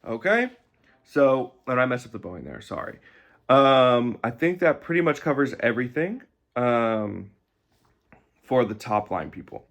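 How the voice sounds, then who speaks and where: A man teaching an instrument lesson, explaining notes, bowing and music terms in a relaxed, explanatory way with some fillers. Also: medium pitch, a little slow.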